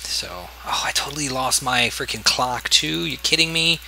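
A man's voice: mid-range voice, moderate pace, creaky, sharp tone, slight background noise. A man casually commenting as he plays a game, talking to himself and yelping whenever something attacks him. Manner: rambling self-talk, yelps and exclaims when attacked. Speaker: gaming video host. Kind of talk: casual let's-play commentary.

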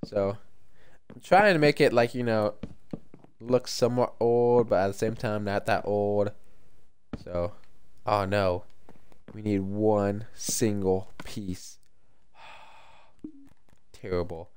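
A tired man chatting casually to his viewers while streaming a game, rambling and thinking out loud. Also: fairly low pitch, steady tone, slow pace, clean tone. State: tired, yawning. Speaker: livestreamer. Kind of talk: casual gameplay commentary.

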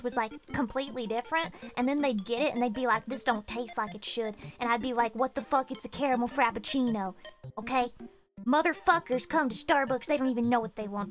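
A young woman streaming, chatting casually with her viewers and swearing with loud outbursts. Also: high-pitched. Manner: profane, loud outbursts, rowdy. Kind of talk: casual chat reading chat messages.

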